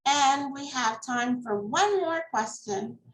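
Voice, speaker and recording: A woman moderating a session and calling on the next questioner in an unhurried, friendly way. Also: sits high, lively intonation. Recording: echoey room.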